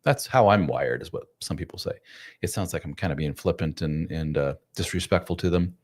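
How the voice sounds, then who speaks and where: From his home room, a man who coaches men streams live, talking casually with viewers and making jokes at his own expense. His bass voice is steady in tone, a little mellow, and brisk in pace.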